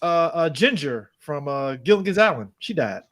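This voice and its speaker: A man's voice: on the high side, sing-song, moderate pace, fairly bright tone. A man co-hosting a podcast in casual chat, joking and laughing as he tells stories. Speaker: podcast co-host.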